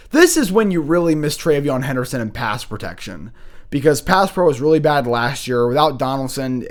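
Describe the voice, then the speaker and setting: A young man talks through college football analysis in a loose, unscripted way, often stopping to restart or correct himself mid-sentence. His voice sits a little higher than most men's. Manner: rambling, frequent restarts and self-corrections. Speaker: college football show host. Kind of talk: casual sports analysis.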